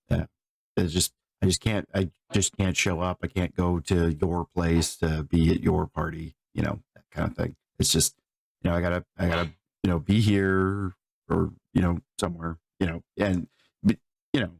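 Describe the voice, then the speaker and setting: A man's voice: deep voice, vocal fry, a little mellow, dry recording. A man making a comedic apology as a guest, rambling and hesitant with lots of filler. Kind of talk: comedic sketch chat.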